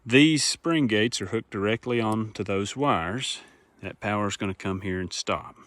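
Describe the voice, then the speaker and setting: A young man records a farm vlog on a phone propped up near him outdoors, casually explaining his fencing to camera. His voice is on the low side and a bit bright, at normal speed, and he thinks aloud in a plain, working manner.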